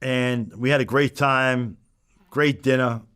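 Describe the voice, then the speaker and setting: A man's voice: medium pitch, fairly even intonation, takes it slowly, fairly bright tone, clear, resonant tone. A man as an interview guest, telling a story bluntly with plenty of swearing and re-enacted back-and-forth. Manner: blunt, profane, re-enacts exchanges as he tells them.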